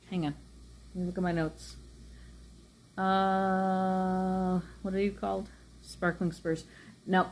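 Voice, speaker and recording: Casting note: low-pitched woman, relaxed rambling nail-polish review, soft hiss behind her. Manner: chatty, rambling, frequent ums. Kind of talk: casual product review.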